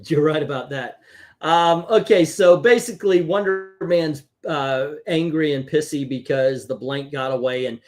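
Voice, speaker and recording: A man hosting a casual comic book review chat, talking in an animated, chatty way and laughing easily. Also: mid-range voice, moderate pace. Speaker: comic book show host.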